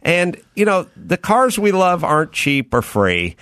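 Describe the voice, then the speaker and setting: A man's voice: sits high, wildly swooping pitch, unhurried, a bit bright, clean tone, no echo. A middle-aged man hosting a podcast, telling a rambling, self-deprecating story on a close studio mic. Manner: rambling, self-deprecating, quotes his own thoughts. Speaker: podcast host. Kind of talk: casual storytelling chat.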